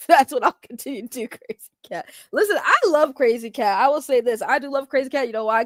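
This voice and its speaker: Boston-accented woman streamer, high voice, laughing, rambling, casual. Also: dry recording, studio quality. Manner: chatty, laughing, frequent restarts. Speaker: streamer host. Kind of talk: casual livestream chat.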